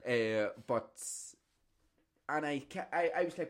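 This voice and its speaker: A man hosting a podcast and telling animated stories, full of swearing. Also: fairly high pitch, slow. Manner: animated, profane storytelling. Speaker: podcast host. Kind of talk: casual chat.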